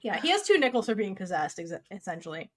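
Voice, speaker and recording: A woman co-hosting a podcast in casual, animated chat, talking fast and loose with lots of "like". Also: mid-range voice. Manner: chatty, animated, peppered with "like". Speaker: podcast co-host.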